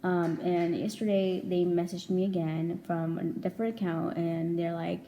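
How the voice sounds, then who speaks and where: A woman's voice: on the low side, level tone, moderate pace, few pauses, warm tone, a little hiss or hum. A young woman vlogging a casual storytime, rambling and chatty, packed with "like" and casual swearing. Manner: chatty, rambling, heavy filler "like", swears freely.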